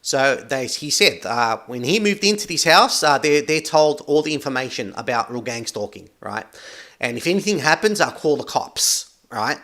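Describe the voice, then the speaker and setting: Guy with a sharp bright voice going on and on, accusing, keeps saying right?. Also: mid-range voice, lively intonation, normal speed. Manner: repetitive, ends nearly every phrase with "right?"; accusatory, emphatic. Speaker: commentary channel host. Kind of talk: ranting commentary over a video.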